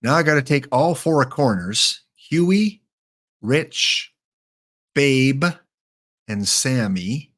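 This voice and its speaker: A male streamer in the middle of a live game session, talking at an unhurried, drawn-out pace. His voice sits at an ordinary male pitch. He mulls over each choice out loud, repeats names under his breath, and turns now and then to chat with viewers. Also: big pitch swings. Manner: thinks aloud while picking cards, mutters names; chatty asides to chat viewers. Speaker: livestream host. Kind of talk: live gameplay commentary.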